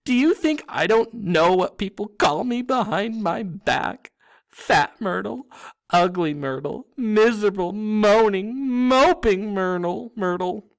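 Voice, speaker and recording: A man's voice: high voice, huge pitch swings, moderate pace, vocal fry, few pauses, breathy edge, pitched above the performer's own voice, heavily acted. A man voicing a sulky, weepy teenage girl ghost who wails and feels sorry for herself. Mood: wailing. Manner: wailing, self-pitying.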